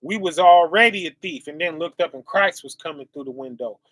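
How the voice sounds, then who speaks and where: A man's voice: fairly high pitch, a bit bright, dry recording. A male preacher, reading scripture and asking his listeners "right?" as he goes. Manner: call-and-response asides, often asking "right?"; reads verses slowly and drawn out.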